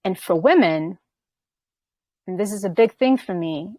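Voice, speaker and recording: A woman's voice: medium pitch, expressive, measured pace, warm tone, no room sound. A woman hosting a spiritual conversation, explaining earnestly and often checking in with "right?" as she talks. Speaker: podcast host.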